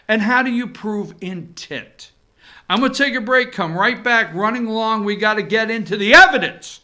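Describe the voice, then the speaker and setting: A man with a high, sharp-toned voice hosts a talk show, giving a sarcastic take on the news straight to his audience.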